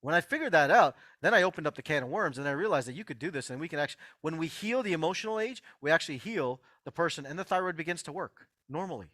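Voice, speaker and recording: A man's voice: a little high, animated, fast, hardly any pauses, a bit bright, dry recording. A man hosting an online healing workshop, giving an emphatic motivational health lecture and repeating his key phrases straight to his listeners.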